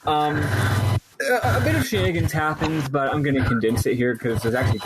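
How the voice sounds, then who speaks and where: A man's voice: fairly high pitch, heavy background noise. A man hosting a podcast, casually recapping a story game in a rambling way. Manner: rambling, lots of fillers and quick paraphrased quotes. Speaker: podcast host.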